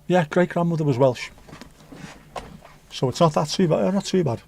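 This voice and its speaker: A man's voice: a little high, normal speed, vocal fry, darkish tone, slight background noise. A man hosting a livestream, chatting casually and reading out viewer comments with rambling, jokey asides and free swearing. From England. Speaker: livestream host.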